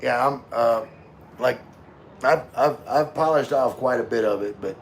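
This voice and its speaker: A man reading viewer comments on a casual live stream, rambling and relaxed while drinking with his chat. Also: medium pitch, measured pace, slight background noise. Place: room with floor-to-ceiling window.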